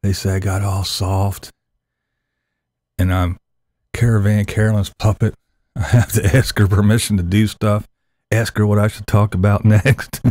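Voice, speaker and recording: A man's voice: fairly low pitch, little pitch movement, moderate pace, long pauses, a little mellow, no echo. A man hosting a laid-back, crude morning live stream chat, talking to viewers in the chat.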